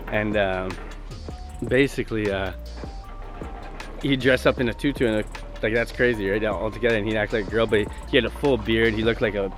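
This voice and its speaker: A man telling stories in a casual, rambling, profane way full of fillers, recorded outdoors by the sea. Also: on the low side. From Hamilton, Ontario, Canada. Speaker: vlogger. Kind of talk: casual storytelling.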